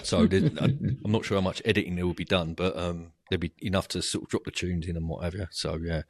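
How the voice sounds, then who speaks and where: A man's voice: sits low, fairly even intonation, fast talker, creaky, dry recording. A middle-aged man hosting a podcast, chatting casually and rambling with lots of fillers over a video call. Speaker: podcast host. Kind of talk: casual interview wrap-up chat.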